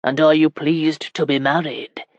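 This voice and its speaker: A woman reading an audiobook voicing a stern, quick-tempered medieval baron in a lowered, stern delivery. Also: level tone, dry recording, highs cut off.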